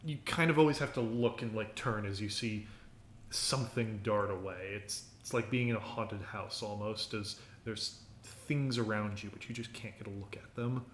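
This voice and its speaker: A man's voice: on the low side, moderate pace, roomy sound, a little hiss or hum. A man narrating as game master for a tabletop game, casual and full of fillers.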